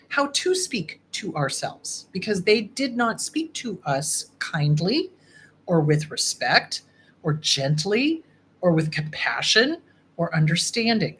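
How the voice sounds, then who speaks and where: A woman's voice: mid-range voice, fairly bright tone, a little hiss or hum. A woman therapist hosting her own show, talking casually and emphatically to the camera and acting out the inner voices she describes. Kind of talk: casual advice talk to camera. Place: home office at a computer.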